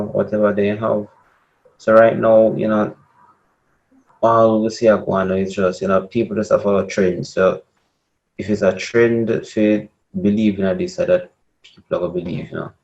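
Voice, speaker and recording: Gravelly Jamaican man, dull lo-fi sound. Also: fairly low pitch, darkish tone. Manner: halting, repeats words while thinking. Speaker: podcast co-host. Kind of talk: casual debate chat.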